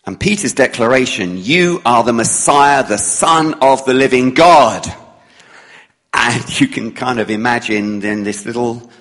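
A man's voice: on the low side, a bit bright. A man preaching in a storytelling manner, who acts out the characters' lines as he retells the story. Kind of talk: sermon storytelling. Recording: long hall reverb.

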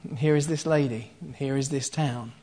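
A man in the middle of his pitch range gives a sermon in an easy, conversational way. He walks through a scripture passage line by line, stopping to explain and check in with his listeners. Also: fairly even intonation, moderate pace. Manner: explains scripture line by line with asides and soft laughs. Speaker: preacher. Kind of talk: conversational Bible teaching.

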